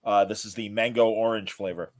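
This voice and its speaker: Guy hosting a podcast, chatty and animated, acts out cheering in his stories. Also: on the low side, fairly quick, crowd noise. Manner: animated storyteller, mimics cheering crowds. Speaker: podcast host. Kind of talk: casual podcast chat.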